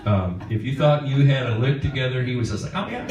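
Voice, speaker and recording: Brief: guitarist spinning a chuckling onstage story, noisy room. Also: male voice, medium pitch, fairly quick. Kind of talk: onstage anecdote. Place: concert stage. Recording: echoey hall, far from mic, noisy.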